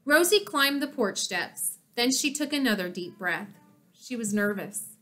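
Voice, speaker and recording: Slow and deliberate, a female narrator performs a children's chapter book for audio, bringing expressive storytelling to the reading. Her pitch sits fairly high and moves in a very lively way.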